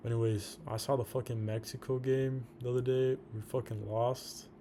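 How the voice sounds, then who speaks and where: This man's warm, mid-range voice barely shifts in pitch as he talks at a moderate pace, with a little noise behind him. He's a day trader with a slight retainer lisp, rambling through a casual, foul-mouthed trading recap and dropping "bro" constantly.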